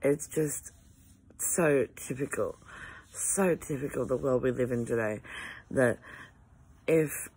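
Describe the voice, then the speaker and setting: An Australian woman ranting to camera in an exasperated way, sighing often and halting through restarts. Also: extremely low pitch, darkish tone, breathy edge.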